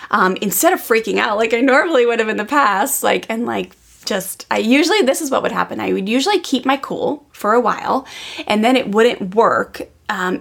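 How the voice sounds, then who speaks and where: A woman's voice: mid-range voice, vocal fry. A woman in her thirties, a podcast host, telling a personal parenting story in a candid, casual way with many fillers.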